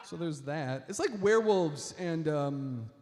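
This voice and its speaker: In a noisy, reverberant hall, a man does stand-up before a live audience, unhurried, with a fairly high voice and lively intonation. His set rambles with many fillers as he chats to the audience as folks.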